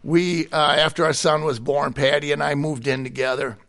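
A middle-aged man tells his story with candid, plainspoken honesty. His voice sits a little high and breaks into a short chuckle between stories. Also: little pitch movement, moderate pace, vocal fry, fairly bright tone. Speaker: guest sharing his testimony. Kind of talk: personal testimony in conversation.

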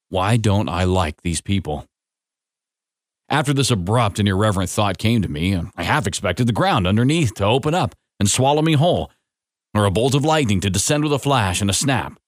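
Low-voiced man reading a story. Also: no room sound, clean studio sound. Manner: gentle, reflective, expressive. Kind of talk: scripted story narration.

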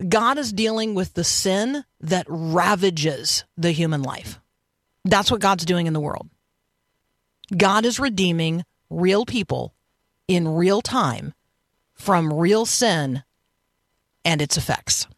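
A woman's voice: fairly low pitch, a bit bright, dry recording. A woman hosting a Christian morning radio show from a studio. She talks in a chatty, reflective way, with frequent "um" and "like". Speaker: radio host.

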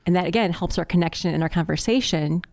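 A woman co-hosts a relaxed talk about marriage with her husband. Her voice sits a little low with a gravelly fry. She talks in a chatty, loose way, full of little fillers. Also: fast. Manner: chatty, uses many fillers like "like". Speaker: podcast co-host. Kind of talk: casual chat about marriage.

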